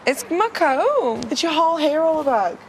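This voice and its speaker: A woman's voice: high-pitched, big pitch swings, normal speed, a little hiss or hum. A woman on a reality show chatting casually, indignant and sarcastic. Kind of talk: casual chat. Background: housemates chattering.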